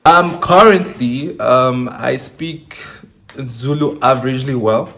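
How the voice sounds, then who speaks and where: A young Nigerian-accented man is a guest on an interview, chatting casually with a laid-back manner and laughing readily. He drops slang as he talks, in a medium-pitched, slightly bright voice.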